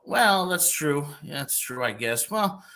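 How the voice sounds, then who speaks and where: A young man from New Jersey hosting a casual sports talk show, joking and telling animated stories. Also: fairly high pitch, measured pace, a loud crowd. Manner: boisterous, jokey, animated storytelling. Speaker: podcast host.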